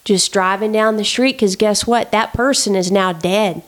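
A woman telling a story in casual chat, animated and indignant, with many fillers. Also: medium pitch, normal speed.

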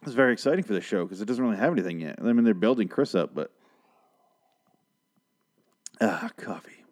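A man's voice: fairly low pitch, lively intonation, rapid-fire, darkish tone. A man hosting a casual TV episode review, talking in a rambling, profane and sarcastic way. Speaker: host of a TV review show.

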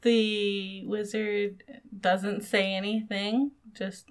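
A woman's voice: medium pitch, flat delivery, drawn-out words. A woman narrating as game master in a casual tabletop game, hesitant with fillers.

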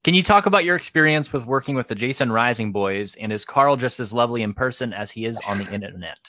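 A man's voice: mid-range voice, animated, fast talker, pushed and bright, slight background noise. A man hosting a livestream interview, asking friendly, upbeat questions. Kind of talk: live stream interview.

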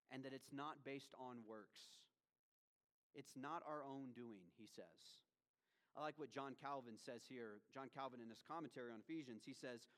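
A man preaching a sermon as pastor, emphatic, swinging between ringing declarations and hushed, quiet lines. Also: medium pitch. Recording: long reverb of a large hall.

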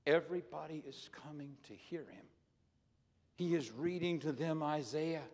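A man's voice: fairly high pitch, darkish tone. Older male preacher in a reverberant hall. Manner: earnest storytelling with repeated words. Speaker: retired pastor preaching. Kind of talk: sermon with personal anecdotes. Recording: long reverb of a large hall.

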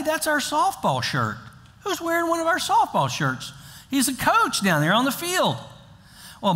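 An older man preaching from the pulpit, his voice a little higher than most men's. He moves between easy, conversational teaching and emphatic, repeated exhortations. His voice rings out with the long reverb of a church sanctuary. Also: sharp tone. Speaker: pastor. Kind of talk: sermon.

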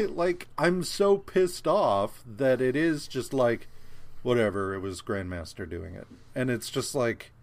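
Man, podcast co-host, slow and rambling recap, filler-heavy, profane. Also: medium pitch, expressive. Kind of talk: casual comic book recap chat.

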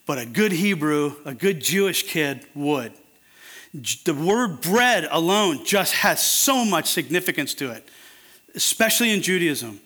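A man's voice: a little high, very animated, measured pace, bright, forceful tone, husky. A man preaching an earnest, conversational sermon that turns emphatic at times.

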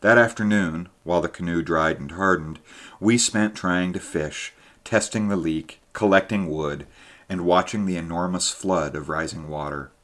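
A man with a very low voice reads a story aloud. His narration is measured and steady, and he lifts his voice for tense moments. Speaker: audiobook narrator. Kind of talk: scripted narration.

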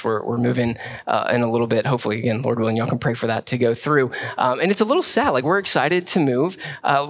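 Animated pastor preaching, higher voice. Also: male voice. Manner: conversational, animated preaching with quick asides. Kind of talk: sermon.

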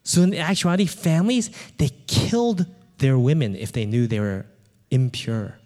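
A man's voice: medium pitch, moderate pace. A man preaching a sermon, telling a childhood story with acted-out voices and often asking the crowd "right?". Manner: animated, acts out voices, asks the crowd "right?". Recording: echoey hall.

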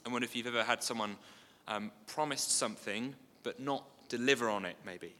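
A man preaching a sermon in a conversational way, with asides and gentle humour. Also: medium pitch, fairly quick. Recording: long hall reverb.

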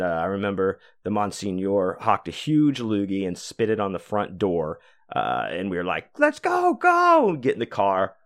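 Here the same kind of podcast host, a man in his forties, speaks in a low register over clean studio sound with no room echo. His long story wanders loosely, thick with filler words and profanity.

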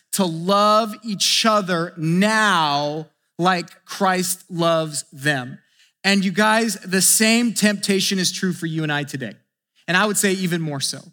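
A man, a pastor, preaching a sermon, animated as he acts out scripture dialogue and drops into quiet asides. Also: high voice, in a large hall.

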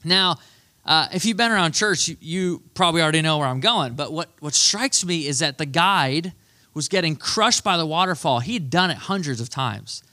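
Bright, upbeat male preacher. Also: a little high, normal speed. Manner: animated, self-deprecating storyteller. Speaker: pastor. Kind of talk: storytelling sermon.

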